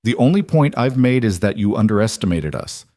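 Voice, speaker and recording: A man voicing a calm protective cowboy. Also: fairly low pitch, a little fast, no echo, clean studio sound, natural voice. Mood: defiant.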